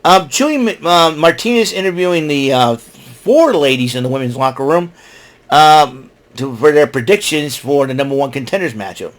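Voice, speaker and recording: A man with a slightly high, expressive voice recaps a show on his own podcast at normal speed. He's casual, rambling and opinionated, mocking the people he discusses.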